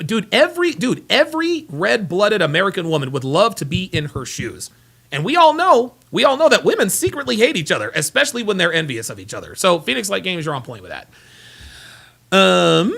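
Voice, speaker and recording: Lively bright-voiced man hosting a livestream. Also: high voice, vocal fry. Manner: rambling, repeats himself, talks while fumbling for files. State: tired, yawning. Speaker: livestream host reading super chats. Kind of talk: casual livestream chat.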